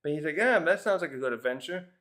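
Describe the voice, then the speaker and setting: A man's voice: on the high side, expressive, quick pace, a bit bright. A man casually reviewing a comic chapter, rambling through the scenes with lots of fillers and little chuckles. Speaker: manga reviewer.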